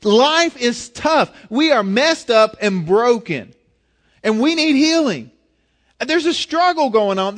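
High-voiced man preaching earnestly. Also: fairly bright tone. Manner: earnest, conversational preaching with many restarts. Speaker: pastor. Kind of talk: sermon.

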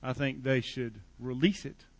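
A man's voice: medium pitch, fairly even intonation, unhurried, creaky. A male pastor preaching a sermon in a church in a conversational, joking way.

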